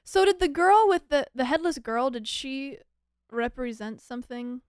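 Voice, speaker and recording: A woman's voice: high voice, animated, moderate pace, clear, resonant tone, dry recording, studio quality. A young woman co-hosting a movie podcast in casual chat, who keeps asking curious follow-up questions. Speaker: podcast co-host.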